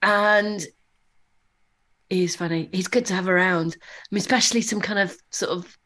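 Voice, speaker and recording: A woman guest in a casual interview, chatting and telling anecdotes in a lively way. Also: mid-range voice, moderate pace. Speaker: podcast guest.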